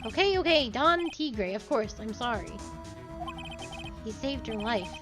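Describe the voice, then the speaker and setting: An earnest young lawyer, polite and a little flustered, read by a woman. The voice is high, and music plays clearly in the background. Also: expressive, measured pace.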